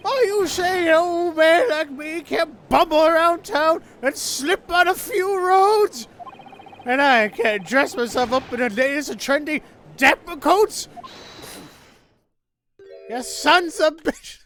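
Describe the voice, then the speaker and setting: A man voicing a touchy, loud old male juror in a video game playthrough. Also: very high voice, expressive, slow, slight background noise, pitched above the performer's own voice, exaggerated voice. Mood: indignant. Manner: shouting, indignant. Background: game music.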